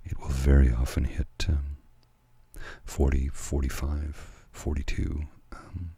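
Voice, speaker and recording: A tired man from Canada, talking slowly and haltingly at home at night in a soft ASMR manner, with many fillers and restarts. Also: rumbling low, steady tone, gravelly, slightly rough, dry recording. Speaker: ASMR channel host. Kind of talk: soft-spoken ASMR personal talk.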